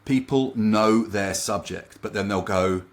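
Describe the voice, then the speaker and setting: A man with a fairly low voice tells a work story as a guest coach in a relaxed interview. He talks in a lively, anecdotal way and slips into other people's remarks as he goes. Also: a little slow. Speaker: confidence coach and trainer.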